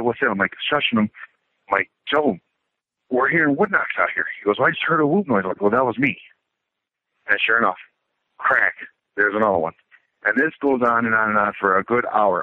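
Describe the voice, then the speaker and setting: A man's voice: fairly low pitch, dry recording. A middle-aged man calling in, telling a story in a casual, matter-of-fact way, like a military report. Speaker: caller. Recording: tinny phone line.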